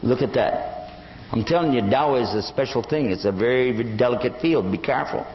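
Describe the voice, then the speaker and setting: A man's voice: medium pitch, a little fast. An older man giving an Islamic lecture, telling stories and acting out the voices of the people in them. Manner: animated storytelling, acting out quoted voices. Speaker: Islamic preacher. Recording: echoey hall, dull lo-fi sound.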